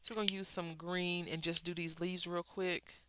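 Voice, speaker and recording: A coloring channel host chatting casually while coloring, rambling, correcting themselves and offering gentle encouragement. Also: mid-range voice, level tone, normal speed, very noisy.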